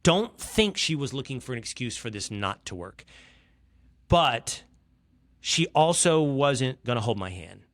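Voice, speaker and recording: Middle-aged Texan podcast host, lively swooping delivery, dry close sound; exasperated comic storyteller. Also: male voice, medium pitch, unhurried, dry recording. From Texas. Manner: exasperated, comic, swings from hushed to loud. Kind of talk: animated storytelling monologue.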